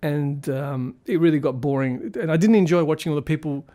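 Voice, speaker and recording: A man's voice: fairly high pitch, a little fast, dark tone. A man giving a casual spoken film review, rambling and critical as he thinks aloud.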